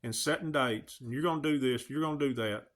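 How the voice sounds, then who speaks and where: A video channel host delivers an emotional direct-to-camera rant, earnestly pleading with his viewers and firing off rhetorical questions. His mid-range voice is a bit bright and moves fairly quickly.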